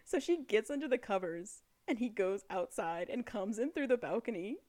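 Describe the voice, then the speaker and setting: A woman co-hosting a casual chat, retelling a story with quick quoted lines and frequent laughter. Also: fairly high pitch, expressive, a little mellow. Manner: chatty, laughs often, acts out lines of characters in passing. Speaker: podcast co-host recapping a book.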